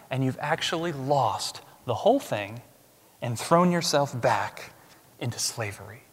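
A man preaching a sermon as pastor, emphatic, swinging from loud declarations to hushed asides. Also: fairly high pitch. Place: church sanctuary. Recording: long reverb of a large hall.

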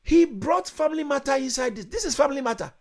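A male pastor preaching with fervour, shouting exclamations, calling for responses and breaking into tongues. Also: very high voice, animated, fast talker. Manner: speaks in tongues between phrases.

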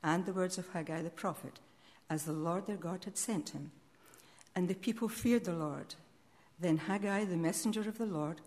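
Woman reading scripture, low voice. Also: a little mellow. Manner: measured, solemn reading. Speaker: scripture reader.

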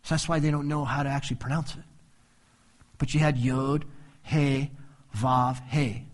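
A man's voice: medium pitch, fairly even intonation, moderate pace. A man preaching a sermon on a Bible passage, who explains each verse and acts out the quoted voices with humor. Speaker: pastor.

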